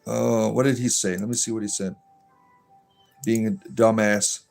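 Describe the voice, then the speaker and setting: A man's voice: fairly low pitch, fairly even intonation, unhurried, gravelly, darkish tone, faint music behind. Sardonic male streamer with a put-on lilt. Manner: irreverent, sardonic banter; puts on a lilting Irish-sounding fantasy accent. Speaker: livestream host reading viewer chat. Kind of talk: casual livestream chat.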